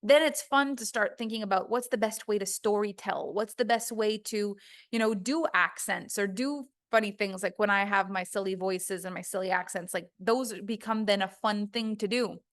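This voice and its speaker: A woman's voice: mid-range voice, moderate pace, fairly bright tone. A woman voice coach giving a recorded course lesson, talking emphatically and acting out quoted voices.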